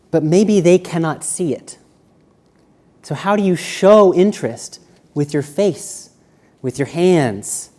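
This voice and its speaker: A man giving a live seminar lecture, walking around and shifting between quiet, slow speech and loud emphasis. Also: a little high. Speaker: seminar presenter. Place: university seminar room.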